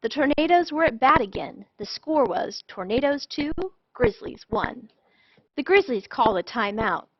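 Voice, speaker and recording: A woman reading a children's storybook aloud in an expressive, animated way. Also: high-pitched, moderate pace, no echo. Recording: dull lo-fi dry sound.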